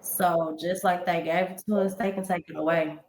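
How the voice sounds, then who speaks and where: A woman on a discussion panel speaks calmly in a low, flat voice. Her voice carries an echoey room sound, with faint ambient noise behind her. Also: normal speed. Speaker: panel guest.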